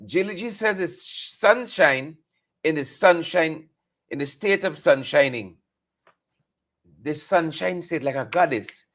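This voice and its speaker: A man's voice: a little high, expressive, slow pace, fairly bright tone. A man hosting a live morning show from a studio, chatting, repeating phrases and greeting viewers by name.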